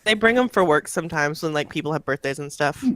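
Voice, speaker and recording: A woman's voice: low-pitched, expressive, fast, a bit bright. A woman joining in with playful teasing and frequent laughs during casual banter among friends at a tabletop game session. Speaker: player in a tabletop game podcast.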